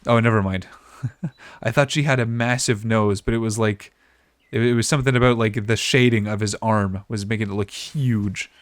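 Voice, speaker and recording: A man giving casual, relaxed gameplay commentary as a streamer, chatting and thinking aloud. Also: lowish voice, moderate pace, no echo.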